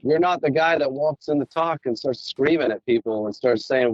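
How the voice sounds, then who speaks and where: A man's voice: medium pitch, normal speed, hardly any pauses, dry recording, lo-fi sound. A man hosting a podcast in casual conversation, telling stories and acting out the dialogue of others. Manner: storytelling, acts out quoted dialogue. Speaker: podcast host.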